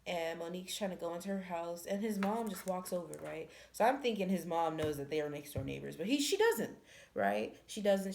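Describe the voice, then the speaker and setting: A woman's voice: on the low side, animated, brisk, creaky, darkish tone, a little hiss or hum. A woman reviewing a book in casual chat, retelling the plot in a blunt, profane, exasperated way.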